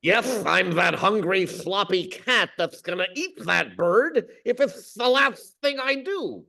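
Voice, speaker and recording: A hungry cartoon tomcat, spluttering lisp, slow, raised pitch. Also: male voice, lively intonation, vocal fry, pushed and bright, heavily acted. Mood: greedy.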